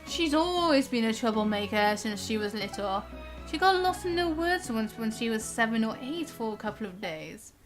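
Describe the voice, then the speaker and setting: A kindly old village grandfather fusses over his wandering granddaughter, as a woman streamer puts on a deeper old man voice. He talks slowly and warmly, his pitch rolling up and down. Clear game music plays underneath. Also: animated, lightly acted. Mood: fatherly. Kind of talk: reading game dialogue aloud in character.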